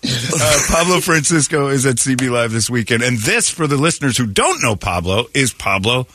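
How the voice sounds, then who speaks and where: A man hosting a morning radio show, teasing his guest with quick quips. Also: mid-range voice, big pitch swings, pushed and bright, dry recording. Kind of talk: casual radio banter.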